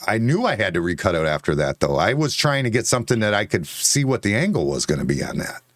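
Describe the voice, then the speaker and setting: A man's voice: lowish voice, big pitch swings, quick pace, fairly bright tone, no echo, studio quality. A man arguing heatedly on a bar-talk show, defensive and insistent, swearing and repeating himself. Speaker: co-host.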